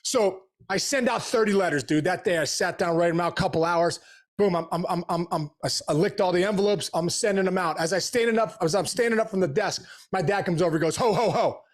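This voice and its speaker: A middle-aged man talks as a guest in a casual interview, his voice pitched high for a man. He rattles through his stories at a quick clip, animated and full of slangy asides. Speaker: podcast guest, former pro baseball player.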